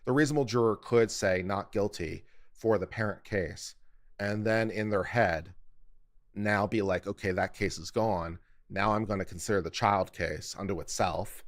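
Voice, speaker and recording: Deep-voiced man on a legal live stream. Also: moderate pace. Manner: self-critical, explanatory, talks through his edits aloud. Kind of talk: casual live-stream commentary.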